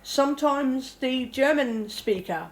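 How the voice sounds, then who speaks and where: A woman's voice: high-pitched, animated, slow pace. Chatty swearing woman from Australia. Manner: chatty, rambling, swears casually. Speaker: language learner vlogger. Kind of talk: casual chat.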